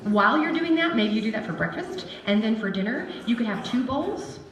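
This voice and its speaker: A woman giving a lively, chatty seminar talk on dog behavior to a live audience. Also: on the high side, fairly quick, distant mic. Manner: animated and chatty, acts out dog voices. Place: seminar hall. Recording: echoey room with faint ambience.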